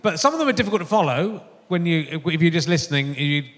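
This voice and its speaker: A man hosting a live podcast interview, chatty and rambling, laughing often and restarting his sentences. His voice sits a little high for a man, with a long reverb from a theatre hall. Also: lively intonation, fast, a bit bright. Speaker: podcast host. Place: theatre stage before an audience.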